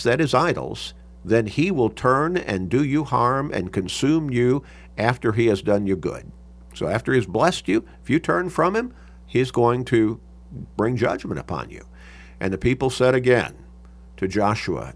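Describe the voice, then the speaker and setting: A man's voice: mid-range voice, big pitch swings, normal speed, vocal fry. A man teaching a Sunday Bible class, reading scripture aloud and explaining it with emphasis.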